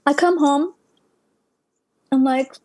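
High-voiced woman telling her testimony. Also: steady tone, takes it slowly, mellow, dry recording, rough recording. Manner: conversational, many "you know" fillers, non-native grammar. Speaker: testimony speaker. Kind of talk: personal testimony storytelling.

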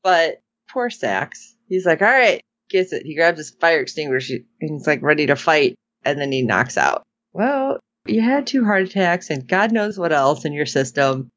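A woman chatting through a recap in a lively, swooping voice that sits on the lower side. She slips into quick put-on voices for the characters. The sound is dry and a little dull, like a lo-fi home mic. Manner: animated, acts out characters' lines with voices. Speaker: podcast co-host. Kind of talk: casual recap chat.

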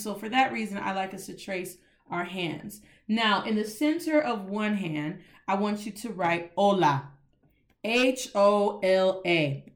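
Lively woman teaching a class. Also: medium pitch. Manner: lively, spells words out slowly, mixes English and Spanish. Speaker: Spanish teacher. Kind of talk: classroom lesson.

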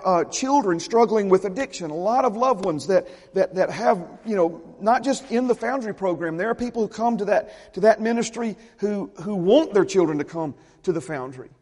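Man, pastor, high voice, emphatic sermon, repeats phrases, long church-hall reverb. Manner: emphatic preaching, repeats phrases, drops to a hush.

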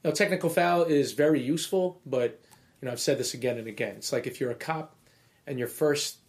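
Chatty referee host telling stories. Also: male voice, medium pitch, brisk. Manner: animated storyteller, acts out little scenes. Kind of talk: casual podcast conversation.

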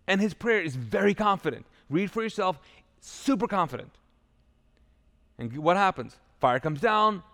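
A man's voice: high-pitched, fairly bright tone. A male pastor preaching a sermon live in a church, retelling a story in a casual, joking way with loose paraphrase. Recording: live church hall reverb.

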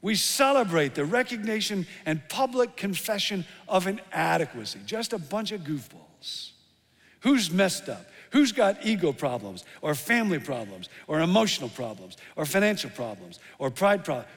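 A middle-aged male pastor preaching a sermon, telling stories with lively emphasis that drops to hushed tones. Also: high voice, moderate pace. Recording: long hall reverb.

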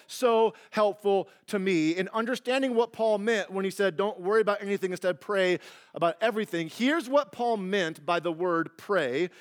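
A middle-aged man preaching a sermon as pastor, earnest and conversational, dropping to a hushed, tender near-whisper in his quieter passages. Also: high voice.

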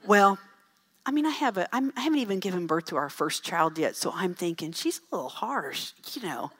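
A middle-aged woman speaking to a church audience, telling folksy, animated stories with asides about parenting. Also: on the low side, brisk, breathy edge. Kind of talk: storytelling talk to an audience.

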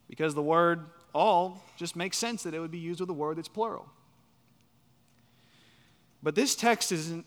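A man preaching a sermon, emphatic, repeating key phrases and swinging from loud to soft. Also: on the high side. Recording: reverberant hall.

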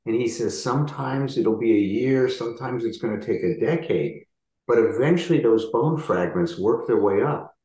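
A man's voice: medium pitch, expressive, moderate pace, mellow, reverberant, low-quality recording. A man hosting a podcast interview, affirming his guest and explaining an idea through an analogy. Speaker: podcast host. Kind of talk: interview conversation.

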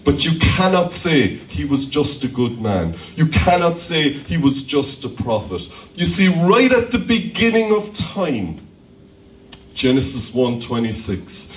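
A man preaching a lively sermon as pastor in a church hall, calling out hallelujahs. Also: on the high side, measured pace. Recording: echoey church hall from far off.

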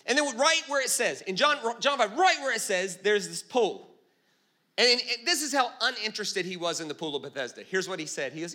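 A male preacher tells Bible stories with humor and quick asides. His voice is high and very bright. It rises and falls constantly as he talks. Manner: animated storyteller, jokey, quick asides. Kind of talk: comedic sermon.

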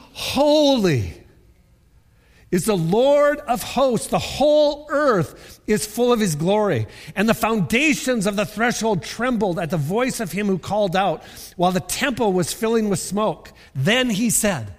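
A man preaching a sermon, reading scripture and explaining it, with bursts of shouted repeated words. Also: sits high, long reverb tail. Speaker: pastor.

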